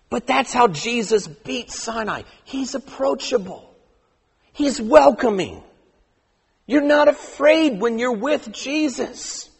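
A preacher with a strikingly high, husky voice delivers an impassioned sermon. He often slows down and drops to a quiet, deliberate stress. The sound rings with the long reverb of a large hall. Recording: echoey hall.

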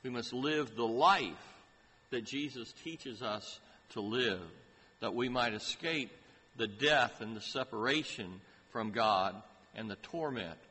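A man preaching a sermon in a slow, deliberate way, lifting his voice to stress key phrases. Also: mid-range voice, sharp tone, husky. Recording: hall reverb with faint ambient noise.

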